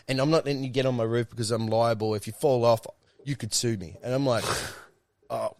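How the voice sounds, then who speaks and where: A man's voice: mid-range voice, fairly even intonation, fairly quick, a little mellow. A young Australian man telling a rambling, swear-filled story in a casual chat.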